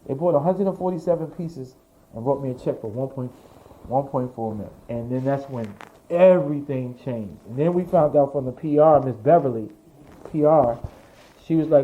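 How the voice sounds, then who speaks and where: A man from New York telling his life story as an interview guest, animated, swearing freely and acting out what others said. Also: medium pitch, normal speed, slight background noise. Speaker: interview guest, fashion designer. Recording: dull lo-fi audio.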